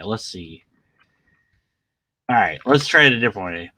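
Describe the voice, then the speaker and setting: A man's voice: fairly low pitch, animated, normal speed, pauses often, bright, forceful tone, rough recording. A man ranting sarcastically in a reaction commentary, exasperated and swearing, sometimes trailing off into muttered asides. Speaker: video commentator.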